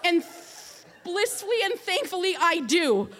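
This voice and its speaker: A young woman in her twenties with a bright, high voice tells a funny personal story. She is animated and self-mocking, acting out the other voices in the tale and breaking into loud bursts when the story heats up. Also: unhurried. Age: 20s. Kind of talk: personal story, stand-up style.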